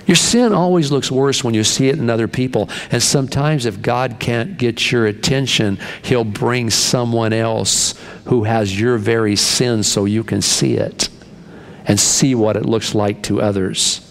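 A man's voice: medium pitch, measured pace, creaky. An older man preaching a sermon in a folksy, conversational way, with frequent restarts. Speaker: pastor.

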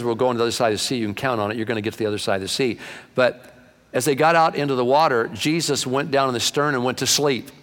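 A man's voice: medium pitch, fairly bright tone, in a large hall. Folksy older male preacher. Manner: folksy storytelling, building to fervent preaching. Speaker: pastor. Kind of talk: sermon.

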